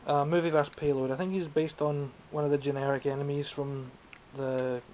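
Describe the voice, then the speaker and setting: Slightly high in pitch, with little pitch movement and a darkish tone, a man from Scotland talks at a moderate pace. The toy collector chats casually and self-mockingly as he shows off toys he bought in a show-and-tell vlog. The audio is poor, with slight background noise.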